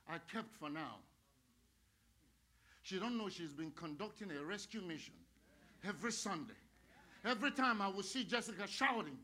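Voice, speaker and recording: A middle-aged male pastor preaching a sermon, swinging between hushed, slow talk and loud shouted praise. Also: high-pitched. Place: church sanctuary. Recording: live church sound with music and crowd. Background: music and congregation.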